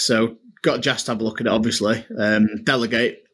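Man, thirties, casual storytelling, laughs often, mid-pitched voice. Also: normal speed, a bit bright, breathy edge. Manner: chatty, laughing storyteller, says "mate" a lot. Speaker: podcast co-host. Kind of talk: casual chat.

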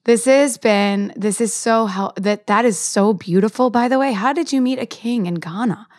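A woman's voice: fairly high pitch, moderate pace, a little mellow. A woman hosting a podcast interview, gushing and chatty, peppering her talk with "like" and "I love that.". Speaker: podcast host. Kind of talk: casual interview chat.

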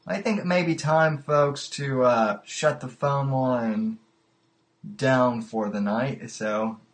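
A man hosting a casual livestreamed call-in podcast, talking in a halting way and repeating his words. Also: medium pitch. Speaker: podcast host.

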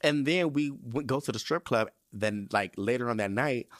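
A man hosts a podcast and rambles through casual stories, cursing freely and slipping into the voices of the people he quotes. His voice sits in a middle pitch, and the recording is dry and close with no room sound. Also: normal speed, dry recording. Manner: profane, animated, acts out quoted voices. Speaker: podcast host. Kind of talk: casual storytelling monologue.

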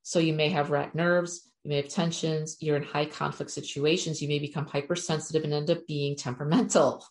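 A woman's voice: low voice, level tone, fairly quick, few pauses. A middle-aged woman, an animal communicator, giving a chatty, frank spiritual talk to her viewers with casual swearing.

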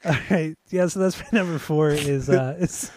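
Wry, laid-back man, slightly high voice. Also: moderate pace, dark tone, slight background noise. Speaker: podcast co-host. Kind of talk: casual chat.

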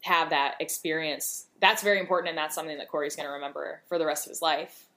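A woman's voice: low voice, fairly even intonation, fast, fairly bright tone. A young woman co-hosting a podcast, chatting casually and agreeably with many affirmations. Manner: agreeable, frequent affirming backchannels. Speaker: podcast co-host. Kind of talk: casual chat.

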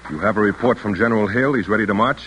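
An actor playing a stern, devout general who gives clipped commands in a radio play. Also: male voice, on the low side, rapid-fire, fairly bright tone, a little hiss or hum, lightly acted, low-quality recording. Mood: stern commanding. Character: stern devout male general, terse and exacting. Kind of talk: 1940s radio acting.

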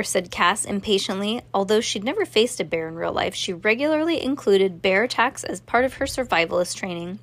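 A woman's voice: medium pitch, fairly quick, few pauses. Woman reading a storybook aloud. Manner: steady narration with small restarts. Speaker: reader.

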